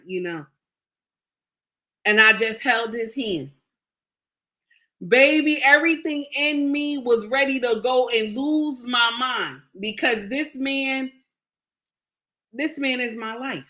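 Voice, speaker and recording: A woman's voice: high voice, slow pace, long pauses, bright, forceful tone. A middle-aged woman telling viewers a personal story in a casual, emphatic way, repeating phrases and speaking to them directly. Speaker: vlogger sharing a personal story.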